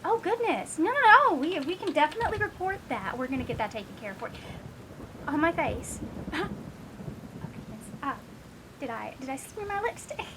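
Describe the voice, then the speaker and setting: A woman's voice: high voice, very animated, moderate pace, background noise. A woman voicing a genteel, flustered female vampire librarian in a comic sketch, talking politely and apologetically in a put-on accent.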